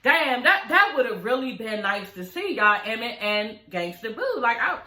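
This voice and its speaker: A woman casually recapping a reality show episode, animated and profane, often calling out to her viewers. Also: fairly high pitch, normal speed, echoey room, rough recording.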